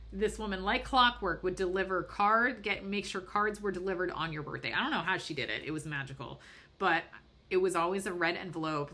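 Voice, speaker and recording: A woman talks through spiritual ideas as a podcast host. Her voice sits a little low yet sounds bright and forceful, with earnest, rambling explanations full of fillers. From Boston. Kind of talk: casual spiritual podcast talk.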